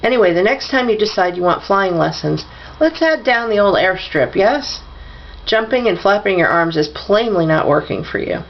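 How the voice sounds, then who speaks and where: A woman's voice: mid-range voice, lively intonation, moderate pace, lo-fi sound, close to an everyday voice. A woman voicing a tired father who teases his daughter in a storybook reading. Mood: teasing. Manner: teasing, jokey.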